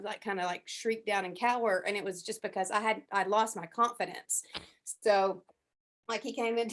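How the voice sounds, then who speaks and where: A woman chatting casually in a group class, talking with many fillers and acting out what others said. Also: medium pitch. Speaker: class participant. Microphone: headset.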